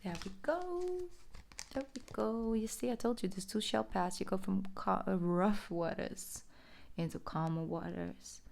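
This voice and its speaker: A young adult woman giving a casual tarot reading, reassuring and chatty, sometimes dropping into soft whispered asides. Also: mid-range voice, a little slow, gravelly. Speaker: tarot reader.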